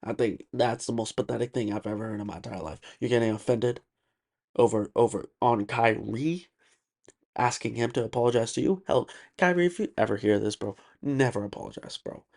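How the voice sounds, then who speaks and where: A man's voice: mid-range voice, brisk, vocal fry, a little mellow. A man hosting a solo podcast monologue, talking emphatically and repeating himself with lots of fillers. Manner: emphatic, ranting, repeats words and uses many fillers. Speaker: podcast host.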